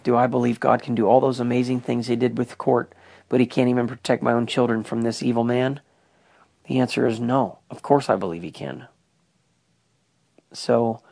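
A man's voice: medium pitch, gravelly, a little mellow. A man recording a personal spoken journal, talking in an earnest, emotional and soul-searching way. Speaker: father keeping a spoken prayer journal.

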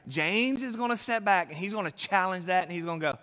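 A man with a high voice preaches a sermon, talking to the room like a conversation and jumping into quick acted-out voices. His lines ring out with the long reverb of a large hall. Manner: animated preaching, acting out voices with big swings in pitch and loudness. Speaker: pastor.

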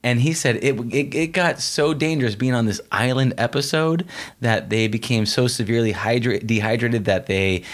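A man interviewing a guest in a casual conversation, speaking earnestly and with emphasis. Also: lowish voice.

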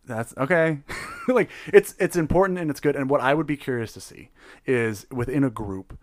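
A man's voice: mid-range voice, normal speed, dry recording, studio quality. A man running a tabletop game, chatting casually and animatedly, laughing often and swearing freely. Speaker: game master.

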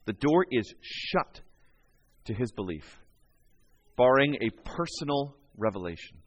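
A man's voice: medium pitch, unhurried, muffled recording. A male pastor giving a conversational sermon in a church, acting out quoted voices as he goes. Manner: animated, conversational, acts out quotes.

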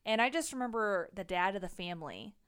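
A woman's voice: mid-range voice, brisk, clear, resonant tone. A young woman co-hosting a podcast, telling a story in a casual chat and acting out what people said, with a lot of "like"s. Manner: animated storyteller, acts out quotes with many "like"s. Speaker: podcast co-host.

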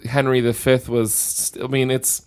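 A man joins a casual podcast chat about a film. He talks in a relaxed way and drops in short, wry remarks. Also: mid-range voice, moderate pace, clear, resonant tone. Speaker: podcast co-host.

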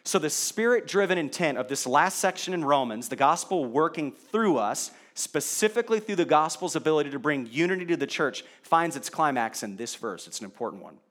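A man's voice: fairly high pitch, animated, fairly quick, hardly any pauses, fairly bright tone. A male pastor preaching a sermon in a conversational way, asking the congregation rhetorical questions.

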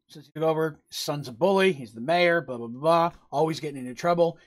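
A man narrating a tabletop game as game master, casual and rambling with fillers. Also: fairly high pitch.

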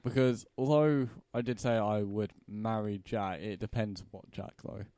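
A man guests on a podcast, talking in a halting way and slipping in dry jokes. His voice is low-pitched. It is recorded close and dry. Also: fairly even intonation, dark tone, smooth, dry recording. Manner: hesitant, halting, with dry humour. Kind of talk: casual chat.

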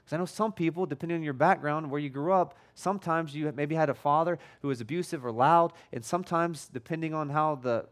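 A male pastor preaching a casual, conversational sermon, often restarting and repeating words, with a tone that can come across as loud. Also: a little high, brisk, hardly any pauses. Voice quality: tone that can sound loud or angry.

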